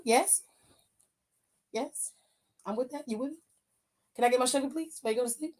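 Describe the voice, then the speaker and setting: Sassy woman, kinda high voice, chatting on a wrestling aftershow, calls the chat babe and honey. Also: moderate pace, pauses often. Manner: sassy, talks back to chat with pet names. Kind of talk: casual livestream chat.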